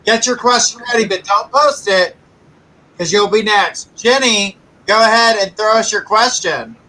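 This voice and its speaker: A man with a high, bright voice hosts a live psychic stream. He calls viewers by name and moves the show along in an upbeat way. His tone stays casual. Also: measured pace, low-quality recording. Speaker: psychic host.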